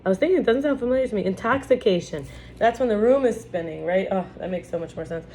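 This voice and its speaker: A woman's voice: mid-range voice, expressive, quick pace, a little mellow, a little hiss or hum. A woman giving a casual spiritual lesson, talking in a chatty way with frequent restarts while reading from a book. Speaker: teacher. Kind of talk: casual spiritual teaching talk.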